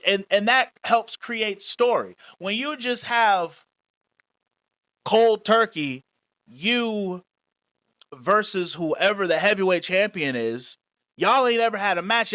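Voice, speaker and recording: A man's voice: sits high, sharp tone, dry recording. A man co-hosting a wrestling podcast, chatting casually and explaining at length in a laid-back way. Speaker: podcast co-host. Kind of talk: casual chat.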